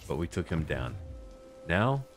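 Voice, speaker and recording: Deep-voiced, animated gaming man. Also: unhurried, music in the background. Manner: playful, boastful trash-talk of enemies. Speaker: gaming YouTuber. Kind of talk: roleplay campaign commentary.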